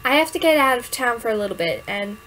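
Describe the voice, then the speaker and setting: A woman voicing an earnest, secretive teenage boy in a story game, low and soft. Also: sing-song, fast talker, a little hiss or hum, rough recording.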